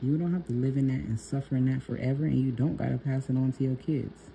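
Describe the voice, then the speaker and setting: A woman's voice: very deep voice, steady tone, fast talker, gravelly, dark tone, a little hiss or hum. A young woman nail technician telling a personal story in a chatty, laughing vlog style, talking to viewers as y'all.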